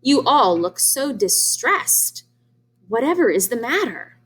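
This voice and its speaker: A smooth-talking trickster fox from a children's storybook, put on by a woman reading aloud. He draws out his words slowly and sweetly, with false politeness, and his voice rises and falls a great deal. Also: a little high, big pitch swings, fairly bright tone, pitched above the performer's own voice, heavily acted. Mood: fake concern. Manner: slow, sugary, falsely polite.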